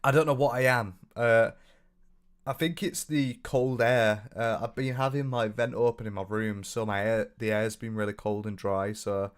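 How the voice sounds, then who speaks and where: Hoarse young man rambling on stream. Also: lowish voice, steady tone, measured pace. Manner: loose and rambling, swears freely, trails off into ums. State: sore, hoarse throat. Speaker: livestreamer. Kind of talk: casual live stream chat, reading viewer comments aloud. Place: his own room.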